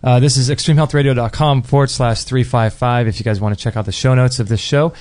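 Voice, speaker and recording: A man's voice: mid-range voice, steady tone, fast, darkish tone. A man hosting a health radio show, reading an upbeat sponsor promotion and talking with guests. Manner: supportive backchannels, enthusiastic promo. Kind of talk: interview host and ad read.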